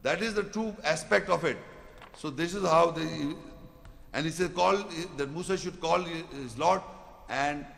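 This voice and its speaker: A man giving a Quran commentary lecture, reciting Arabic verses quickly and then explaining them in with repeated rhetorical questions. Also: on the high side, vocal fry, a bit bright, big-room sound. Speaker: Islamic preacher.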